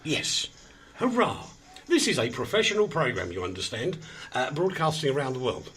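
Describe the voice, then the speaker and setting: A man's voice: mid-range voice, very animated, fairly quick, a bit bright, slightly rough. A man hosting an online radio show in casual, self-mocking chat, flustered while he fights with his equipment.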